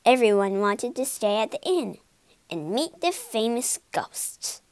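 A woman narrating a children's storybook for learners, expressive and clear. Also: a little high, measured pace, dry recording.

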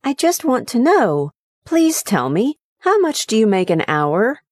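A woman's voice: sing-song, unhurried, a little mellow, no echo, clean studio sound. A woman voicing a small five-year-old boy who pleads with his father. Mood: pleading. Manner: high, eager, pleading.

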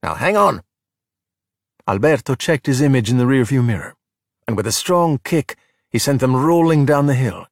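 A man narrating a children's storybook in an expressive, animated way. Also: medium pitch, moderate pace, dry recording, studio quality. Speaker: audiobook narrator. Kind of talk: storybook reading.

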